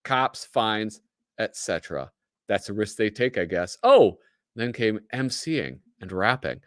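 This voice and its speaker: A man's voice: on the low side, big pitch swings, a little slow, dry recording, clean studio sound. Midwestern guy chatting on a stream, bouncy up and down delivery, jokey. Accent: American Midwestern. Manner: chatty, reads aloud, jokey asides. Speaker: host. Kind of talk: casual livestream chat.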